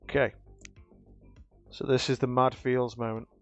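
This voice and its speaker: A man chatting live to his stream viewers, emotional and grateful, often restarting his sentences. His voice sits at a middling pitch and comes through dull, lo-fi stream audio. Faint music plays behind him. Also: level tone, unhurried. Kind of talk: casual live-stream chat.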